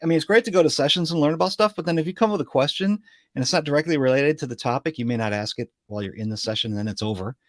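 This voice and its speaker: Relaxed male livestream host. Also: fairly high pitch, dry recording, clean studio sound. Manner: relaxed, halting, with many fillers. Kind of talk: casual livestream chat.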